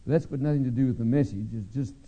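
A man preaching a sermon, telling a story with pauses and hesitant fillers before reading scripture. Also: mid-range voice, warm tone, muffled recording.

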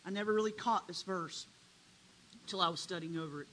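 A preacher delivering a dramatic sermon, swinging between hushed and loud. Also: mid-range voice, fairly quick, long pauses, a little hiss or hum, low-quality recording.

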